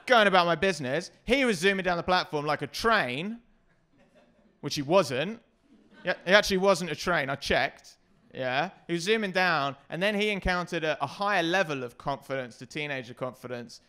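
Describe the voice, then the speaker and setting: A man doing a stand-up comedy set, self-deprecating and hesitant with many ums, sometimes breaking into loud shouted bits. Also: a little high, clean tone.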